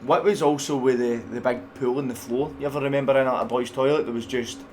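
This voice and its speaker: A man's voice: mid-range voice, steady tone, darkish tone, a little hiss or hum. A young Scottish man talking as a guest on a live stream, telling rambling, swearing stories. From Scotland. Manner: rapid, rambling, swearing storyteller. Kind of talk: casual live-stream chat.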